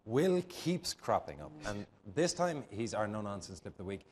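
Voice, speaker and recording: An Irish man hosting a TV chat show, presenting briskly. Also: on the low side, sing-song, darkish tone. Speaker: host.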